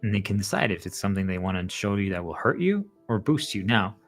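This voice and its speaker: Male host, low-pitched, loose rambling monologue full of "like," animated, faint music underneath. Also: fast talker. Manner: rambling, heavy use of "like" fillers; animated, acts out quoted voices. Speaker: channel host. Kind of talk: casual monologue to viewers.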